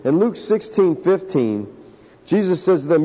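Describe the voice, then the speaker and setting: A man preaches with earnest emphasis and leans hard on key phrases by drawing them out. His voice sits a little high but sounds dark and mellow. The recording is dull and lo-fi, with a long reverb trailing off the walls of a church sanctuary. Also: sing-song, unhurried, husky. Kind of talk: sermon.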